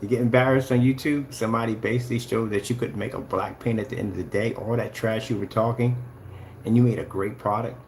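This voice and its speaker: A man's voice: on the low side, fairly even intonation, fast talker, darkish tone, a little hiss or hum. A man giving casual, taunting livestream commentary, full of sing-song mockery. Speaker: channel host.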